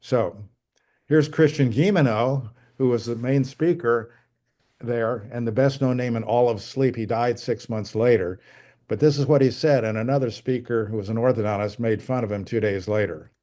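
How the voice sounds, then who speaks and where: A man's voice: mid-range voice, normal speed, warm tone. An older man giving a conversational lecture to dentists, reading quotes off his slides with frequent restarts. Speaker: guest speaker presenting to dentists.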